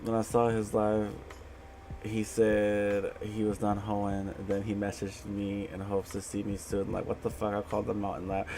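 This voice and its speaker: A man's voice: fairly low pitch, fairly even intonation, moderate pace, dark tone, slight background noise. A man hosting a casual live tarot reading, blunt and profane, who laughs often as he talks.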